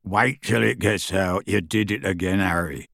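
A man reading aloud, voicing a big, gruff half-giant in a storybook. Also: low voice, normal speed, a bit bright, no room sound, studio quality, voice pushed down, heavily acted. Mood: admiring. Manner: gruff, rough-edged.

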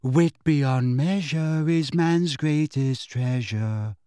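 A dreamy, faraway teenage girl speaks slowly in a sing-song lilt, as a male audiobook narrator puts her on. Her tone sits apart from the narrator's usual timbre, drawn out and airy. The recording is dry and close. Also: a little high, warm tone, clear, resonant tone, no room sound.

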